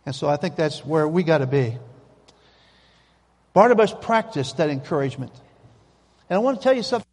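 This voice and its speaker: A man's voice: fairly high pitch, animated, fairly quick, pauses often, a little mellow. A man preaching a sermon in a folksy, emphatic way, repeating his key phrases, in a church sanctuary. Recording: long hall reverb.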